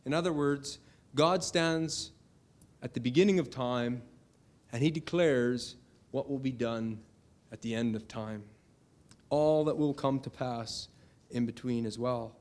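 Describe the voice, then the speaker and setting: A man's voice: mid-range voice, measured pace, long pauses, darkish tone. A middle-aged man preaching a sermon earnestly, building to emphatic declarations as he reads scripture.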